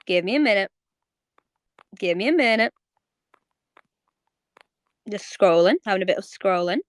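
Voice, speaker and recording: A young woman hosting a live audio chat on a home mic, rambling in quick bursts with lots of fillers and repeats. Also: medium pitch, animated, dry recording. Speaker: host of a live audio space. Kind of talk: casual live chat to listeners.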